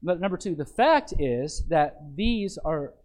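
A man's voice: a little high, very animated, measured pace, a little mellow, poor audio. A man, a pastor teaching from a sermon outline, often checking in with his listeners and repeating phrases. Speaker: pastor teaching a Bible lesson.

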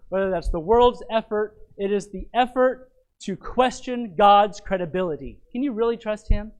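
A male preacher with a notably high voice delivers a sermon. He hammers home key phrases by repeating them and keeps pulling listeners in with questions like "isn't it?". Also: darkish tone, poor audio. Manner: emphatic, repeats key phrases, asks rhetorical tag questions.

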